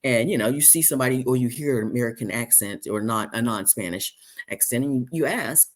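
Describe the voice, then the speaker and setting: A man hosting a casual live-stream chat, rambling with many fillers and restarts, and jumping high when he mimics people. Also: brisk. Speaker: host.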